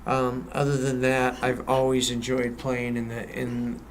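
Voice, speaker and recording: A man in his fifties speaks as a guest on a chat show, relaxed and a little hesitant. His voice sits at an ordinary pitch, and faint ambient noise runs underneath it. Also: a little slow. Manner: easygoing, hesitant, restarts with fillers. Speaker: professional golfer guest. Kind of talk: casual interview chat.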